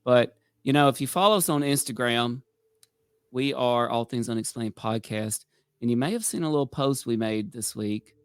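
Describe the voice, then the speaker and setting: A man's voice: mid-range voice, normal speed, clear, resonant tone, no echo, clean studio sound. Chatty male podcast host. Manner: chatty, promotional. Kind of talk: casual podcast chat.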